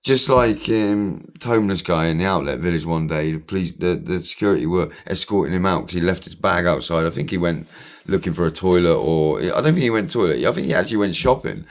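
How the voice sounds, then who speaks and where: A man's voice: low voice, animated, brisk. A man telling a rambling personal story, swearing freely and repeating himself. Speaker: vlogger.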